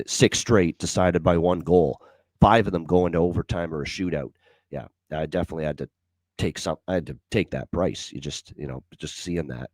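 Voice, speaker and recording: A man's voice: low-pitched, darkish tone, dry recording. A man hosting a sports betting show, talking through picks with lots of fillers and repeated stats.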